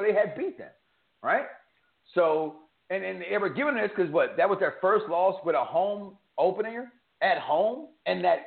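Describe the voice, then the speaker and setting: A man hosting a sports betting show, joking and bantering, swinging from loud hype to low asides. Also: vocal fry. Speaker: sports picks show host. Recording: echoey room over a tinny phone-like line.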